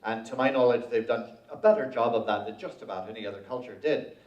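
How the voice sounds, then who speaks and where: A man who performs Celtic folk music trades jokes and stories between songs, bantering with a live audience in a dry, humorous way. His mid-range voice moves at a quick pace and is captured far from the mic, sounding dull and echoey in a public library event room.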